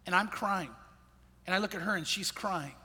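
A middle-aged man, a pastor, telling a personal story in an earnest, reflective way, often dropping his voice low and soft at the sad parts. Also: normal speed, slightly rough, big-room sound.

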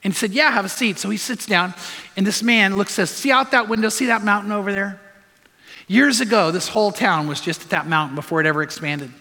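A man's voice: high-pitched, fairly quick, bright, forceful tone. A man preaching a sermon, telling stories and urging his listeners with repeated, earnest commands. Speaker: pastor. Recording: long hall reverb.

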